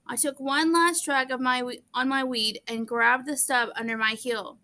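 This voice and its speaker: A woman reads a novel aloud in first person, earnest and steady with the odd small stumble. Her voice is high and notably bright. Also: normal speed. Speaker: audiobook reader.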